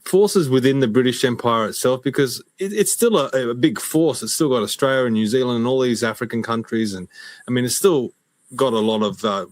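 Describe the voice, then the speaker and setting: A man's voice: medium pitch, a little fast, no room sound. A man hosts an interview, putting questions to his guest in an everyday mid-range voice. He breaks in with brief reactions and follow-ups. The recording is dry and close. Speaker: podcast host.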